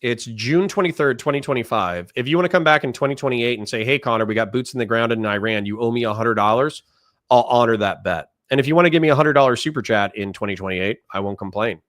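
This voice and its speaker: A man hosts a livestream in a dry booth with no room echo. His voice sits at a middle pitch. He reacts with sarcastic rhetorical questions and reads viewer messages aloud. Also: fast talker, a bit bright. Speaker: streamer host. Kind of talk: livestream commentary and chat reading.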